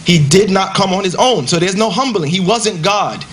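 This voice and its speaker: A man's voice: high-pitched, moderate pace, fairly bright tone, slight background noise. A man giving a rebuttal in a debate, emphatic and conversational, pressing his points with rhetorical questions.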